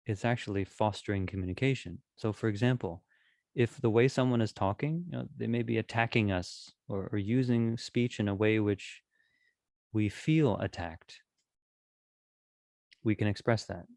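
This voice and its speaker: A man with a lowish voice gives a calm, gentle teaching on communication. He talks steadily and often restarts his phrases. The sound is dry and close. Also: no room sound. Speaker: dharma teacher. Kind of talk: talk on Buddhist practice.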